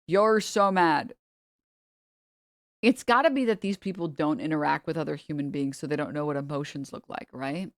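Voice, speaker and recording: A woman live streamer ranting casually, sarcastic and profane, often breaking into high laughter. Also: normal speed, no echo, studio quality.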